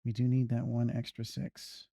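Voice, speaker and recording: A man's voice: medium pitch, monotone, moderate pace, creaky, mellow, dry recording, studio quality. A man streaming a video game, muttering plans and humming to himself as he plays. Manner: muttering, humming to himself while planning moves. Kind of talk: casual gameplay commentary.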